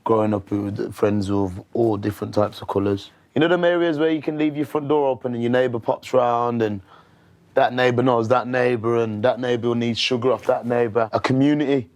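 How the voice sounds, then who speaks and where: A man's voice: medium pitch, a little fast, darkish tone. A man from Birmingham with a Birmingham accent, a rapper answering interview questions in a proud, easygoing way. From Birmingham, England.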